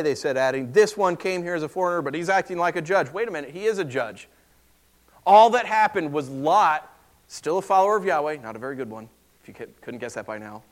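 A man preaching a sermon in a conversational, animated way, acting out the voices he quotes. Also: high voice, brisk.

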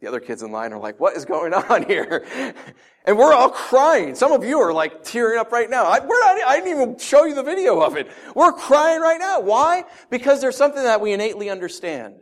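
A man's voice: very high voice, fairly quick, hardly any pauses. A man preaching a conversational sermon, telling stories and asking his listeners rhetorical questions. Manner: animated storytelling with rhetorical questions. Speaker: pastor.

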